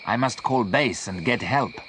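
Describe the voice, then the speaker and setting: A man voicing a calm man who thinks aloud and then makes a formal call to base on a radio, read as a storybook character. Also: mid-range voice, measured pace, a little hiss or hum, lightly acted. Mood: resolute.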